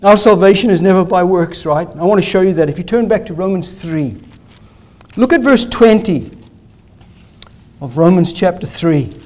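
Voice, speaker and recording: A male pastor preaching a sermon, emphatic, asking rhetorical questions and swinging between loud declarations and soft asides. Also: high-pitched, animated, moderate pace, long pauses.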